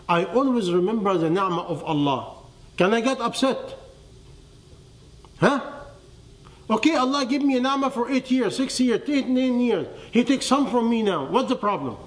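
A man with a notably high-pitched voice delivers a sermon to a live audience. He keeps quizzing his listeners with rhetorical questions and drops his voice to a near hush on the key phrases. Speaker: religious teacher.

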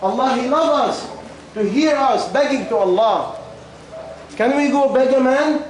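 A man's voice: very high-pitched, unhurried. A man preaches, repeating questions and coaxing answers from the crowd. He is losing his voice. The sound rings around a big echoing hall with faint noise. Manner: questioning, repetitive, coaxing the audience. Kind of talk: sermon with call and response. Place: large echoey hall with audience.

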